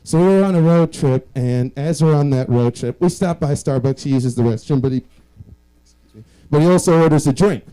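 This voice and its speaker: Young male stand-up, dark mellow tone, self-mocking storyteller. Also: on the high side, fairly quick, clean tone, rough recording. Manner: self-deprecating, rambling storytelling. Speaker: stand-up comedian. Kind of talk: stand-up set.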